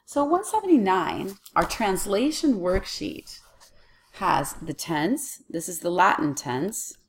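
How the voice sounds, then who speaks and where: A woman's voice: mid-range voice, very animated, slow. A woman teaching a Latin lesson to children on video, working patiently through a worksheet and talking herself through each step.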